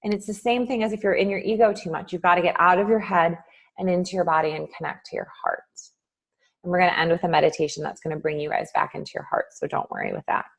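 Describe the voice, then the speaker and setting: A woman life coach giving a casual, live-streamed motivational talk, acting out inner voices with big swings in pitch and loudness, with many ums. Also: sing-song, fast talker, gravelly.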